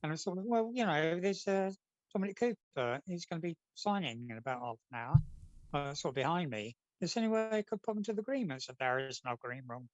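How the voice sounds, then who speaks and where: A man's voice: sits high, big pitch swings, fast talker, dry recording, lo-fi sound. A man, a comic artist being interviewed, telling long rambling anecdotes in a casual chat. He slips into the voices of the people in his stories. The sound is dry, with no room around it. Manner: chatty, rambling storyteller acting out quotes.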